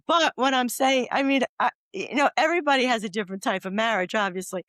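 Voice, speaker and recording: A woman's voice: fairly high pitch, animated, quick pace, few pauses, a bit bright, dry recording, studio quality. An older woman, an oncology doula, talking as a guest on a podcast. She wanders through stories and anecdotes in a casual, earnest way. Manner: rambling, anecdotal storyteller.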